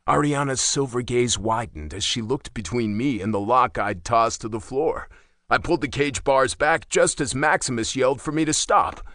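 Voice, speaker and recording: A man reading a first-person romance audiobook with dramatic, expressive delivery. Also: mid-range voice, normal speed, dry recording, clean studio sound. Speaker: audiobook narrator.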